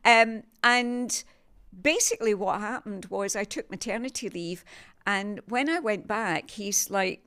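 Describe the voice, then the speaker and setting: A woman's voice: medium pitch, lively intonation, measured pace, bright, forceful tone, smooth. Chatty, self-mocking older woman. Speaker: guest, TV sales presenter. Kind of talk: casual interview chat.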